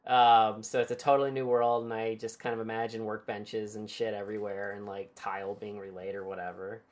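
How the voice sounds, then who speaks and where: A woman's voice: rumbling low, flat delivery, a little fast, darkish tone. A woman hosting a podcast and recapping a book chapter in casual, irreverent chat, swearing and laughing easily.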